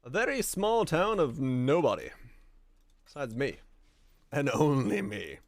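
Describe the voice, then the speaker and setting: A man's voice: medium pitch, sing-song, measured pace, vocal fry, dry recording. Swearing, laid-back young man from Finland. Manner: chatty and laid-back, swears often, laughs easily. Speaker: game streamer. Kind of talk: casual chat with viewers while gaming.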